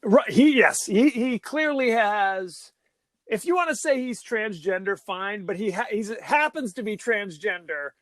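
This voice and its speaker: A man's voice: high voice, expressive, a little slow, fairly bright tone, no room sound. A man co-hosting a podcast, chatting casually and jokingly about a horror film, rambling with many restarts. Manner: rambling, jokey, lots of restarts. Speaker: podcast co-host. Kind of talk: casual movie discussion.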